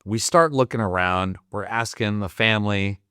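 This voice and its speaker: Veteran podcast guest, male, deep voice, salty and loose, dry studio sound. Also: normal speed, bright, forceful tone, clear, resonant tone, no echo. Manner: profane, rambling, full of "like" fillers. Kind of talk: casual storytelling.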